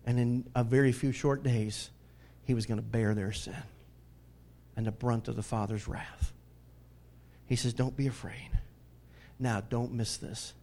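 A male pastor preaching a sermon in a conversational style. He swings between booming emphasis and hushed asides, often chuckles, and asks his listeners questions. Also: little pitch movement, a little slow, pauses often.

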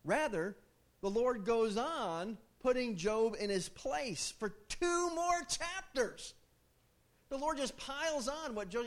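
A man preaching a sermon in an animated, conversational way, posing questions to his listeners. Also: extremely high pitch, takes it slowly.

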